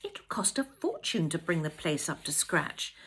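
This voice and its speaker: A woman doing a gruff, weary older man. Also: deep voice, sing-song, a little slow, fairly bright tone, exaggerated voice. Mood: grumbling. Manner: brusque, impatient.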